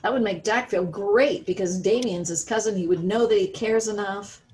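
A woman's voice: mid-range voice, moderate pace, a little mellow, low-quality recording. A woman with an American accent teaching a children's religion lesson, reading a story aloud and asking the listeners questions about it.

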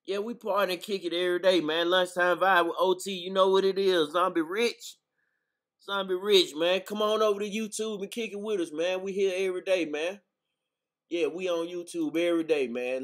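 A man hosting a casual livestream chat, laid-back and laughing easily, ending his lines with "man". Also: fairly high pitch. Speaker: host.

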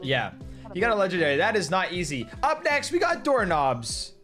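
Casting: male gaming host, high voice, loud hyped announcer energy, faint music bed. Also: wildly swooping pitch, normal speed. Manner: hyped, shouty announcing, teasing. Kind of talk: excited gaming video commentary.

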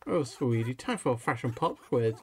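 A man's voice: medium pitch, expressive, moderate pace, slight background noise, close to an everyday voice. A man reading aloud as a sassy female giraffe fashion designer with a diva streak, over faint game music.

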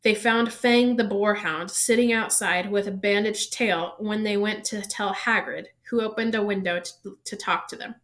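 Woman narrator, book read aloud, even and steady. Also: mid-range voice, normal speed, hardly any pauses. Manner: even storytelling pace, small self-corrections. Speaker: reader. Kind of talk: reading a novel aloud.

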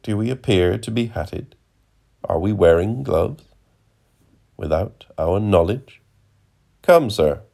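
A man voicing a calm, literal-minded male traveller with a dry, pedantic delivery, in a storybook reading. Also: on the low side, takes it slowly, vocal fry, pauses often, heavily acted.

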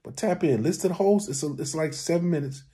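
A man's voice: fairly high pitch, fast, warm tone, breathy edge. A man commenting on a clip, speaking directly to his listeners in a preachy, casual way.

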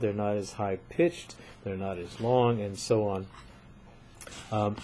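An older male lecturer who talks slowly and methodically, with a mid-range voice. He keeps pausing to check his listeners are following. A faint hiss sits behind the recording. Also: mid-range voice, a little mellow. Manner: methodical, often checking with "right?".

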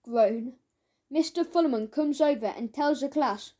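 Woman narrator for a kids' audiobook, high voice, lively cheeky delivery. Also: unhurried. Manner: lively first-person storytelling as a cheeky schoolboy. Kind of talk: children's audiobook reading.

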